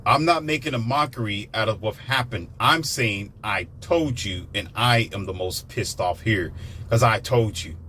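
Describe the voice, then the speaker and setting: A man in a sarcastic, animated ranting monologue, now and then jumping into mocking high-pitched impressions. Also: moderate pace, a little hiss or hum. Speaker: commentator.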